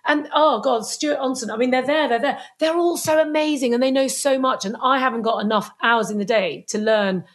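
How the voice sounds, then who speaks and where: A woman speaking as a podcast guest on Chinese medicine, animated and acting out little scenes in other voices. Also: sits high, fairly quick, hardly any pauses. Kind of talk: podcast interview.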